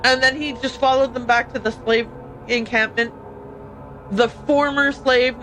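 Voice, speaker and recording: A woman's voice: on the high side, fairly bright tone. A woman streaming a mystery game, chatting casually, laughing often and reacting aloud as she reads on-screen text. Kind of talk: casual let's-play commentary.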